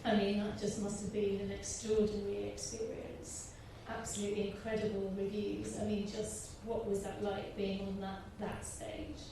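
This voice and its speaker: A woman's voice: mid-range voice, completely flat delivery, normal speed, hardly any pauses, dark tone. A woman interviewing a guest on stage before an audience, asking enthusiastic, encouraging questions. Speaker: onstage interviewer. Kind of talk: onstage conversation before an audience. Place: large hall with audience. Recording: echoey hall from far off with light hiss.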